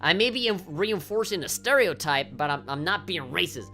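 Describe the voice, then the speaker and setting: A woman's voice: fairly low pitch, lively intonation, normal speed, sharp tone, soft background music. A woman game streamer ranting on a livestream, swearing often and heated, with lots of fillers.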